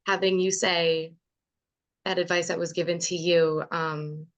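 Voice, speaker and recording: A woman hosting a podcast interview, earnest and halting as she thinks aloud. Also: on the low side, flat delivery. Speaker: podcast host. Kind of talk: casual interview chat.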